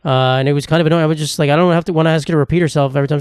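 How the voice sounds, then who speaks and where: A man's voice: on the high side, steady tone, very fast, a little mellow, clear, resonant tone, no echo, clean studio sound. A man in his twenties hosting a solo podcast, rambling with crude, self-mocking humor. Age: 20s. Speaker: podcast host. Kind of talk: casual solo podcast monologue. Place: indoor room, at a table.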